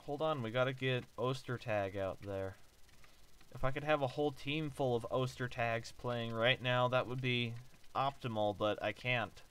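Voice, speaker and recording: A man giving casual commentary on a basketball video game he is playing, joking, swearing and breaking into loud outbursts. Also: medium pitch, moderate pace, smooth, poor audio. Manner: excitable, joking and profane, with sudden loud outbursts. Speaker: let's play gamer.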